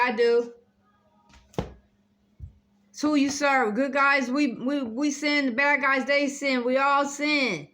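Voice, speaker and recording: A woman's voice: sits high, a bit bright. A woman reading Bible verses aloud, repeating them and adding earnest, encouraging personal remarks in a casual video. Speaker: Bible study video host.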